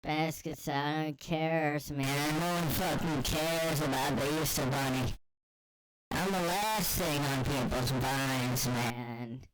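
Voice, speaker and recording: A man's voice: fairly high pitch, steady tone, takes it slowly, a bit bright, a little hiss or hum, pitched above the performer's own voice. A man voicing a foul-mouthed, drunk and bitter male Easter Bunny who swears and rants in self-pity, as a comedy sketch. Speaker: podcast host. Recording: echoey, long reverb room.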